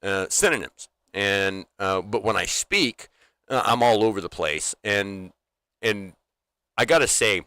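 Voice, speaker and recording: A man's voice: lowish voice, animated, a little slow, pushed and bright, clean tone, dry recording. A man co-hosting a livestream in casual, unfiltered chat, rambling with lots of restarts and fillers and swearing freely. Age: adult, former military. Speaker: livestream co-host.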